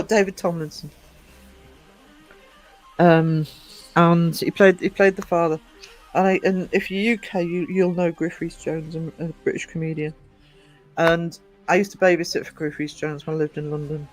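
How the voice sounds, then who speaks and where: A man chatting casually in a fairly high voice, wandering from one anecdote to the next. He fills his talk with ums and restarts, and faint music plays underneath. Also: level tone, moderate pace, long pauses, low-quality recording. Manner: rambling anecdotes, frequent fillers and restarts. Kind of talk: casual chat.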